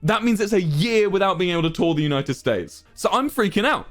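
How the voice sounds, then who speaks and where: High-voiced young man ranting, exasperated. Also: brisk, soft background music. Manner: exasperated, swearing, animated rant. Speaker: streamer. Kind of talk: casual storytelling to a live chat.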